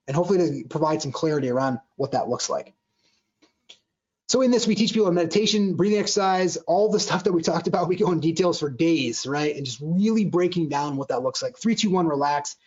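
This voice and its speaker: A man delivers an earnest motivational talk at a brisk clip. His voice sits a little high and he often restarts sentences mid-thought. The recording is muffled and lo-fi. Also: darkish tone. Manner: earnest, restarts sentences, acts out quoted dialogue. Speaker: speaker on joy at work. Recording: dull lo-fi sound.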